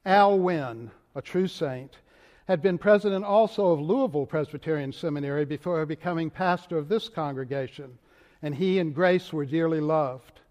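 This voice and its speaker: An older man with a Virginia drawl speaks from the pulpit, slow and deliberate, his somewhat high voice carrying through the long reverb of a large church sanctuary. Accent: Southern US, Richmond Virginia. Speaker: moderator of denomination preaching. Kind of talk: sermon.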